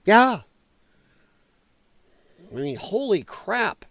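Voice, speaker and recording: A middle-aged man from the American Midwest rants through a political commentary stream, swearing freely and sneering at what he mocks. His voice sits high and swings widely. The sound is close and dry. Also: sing-song, extremely slow, a bit bright, no room sound. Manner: profane, sarcastic, mocking mimicry of others. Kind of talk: ranting commentary.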